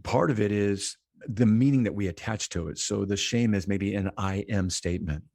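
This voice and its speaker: A man's voice: lowish voice, normal speed, gravelly, a little mellow. A man on a mental health podcast, explaining concepts at length in conversation and often posing rhetorical questions.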